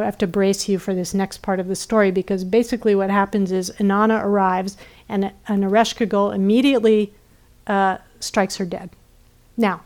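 This is a gentle dharma talk recorded at a retreat center. The speaker is a female meditation teacher of medium pitch who frequently checks in with her audience and drifts softly into silence.

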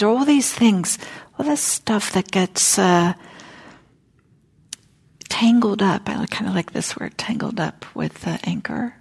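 A woman gives a meditation talk in a soft, unhurried way, often sinking to a near whisper. Her fairly low voice has a gravelly, husky edge. She muses aloud with casual fillers. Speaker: meditation teacher. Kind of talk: dharma talk. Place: meditation hall.

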